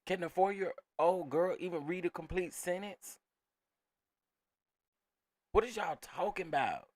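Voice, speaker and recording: A man's voice: sits high, unhurried, dry recording, clean studio sound. Emphatic man in casual reaction commentary. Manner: emphatic, repeats phrases, talks straight to viewers as "y'all". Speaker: commentary channel host.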